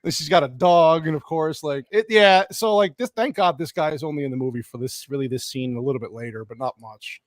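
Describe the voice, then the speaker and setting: A man hosting a casual group movie chat over an online call, animated and quick to laugh, swearing casually. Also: a little high, dry recording, studio quality. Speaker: podcast host.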